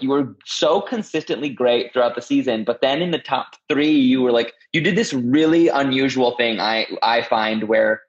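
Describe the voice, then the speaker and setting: A man hosting a podcast interview, gushing and effusive, swearing freely over a live video call. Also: medium pitch. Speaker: podcast host. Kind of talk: casual interview chat. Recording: dull lo-fi live-stream audio.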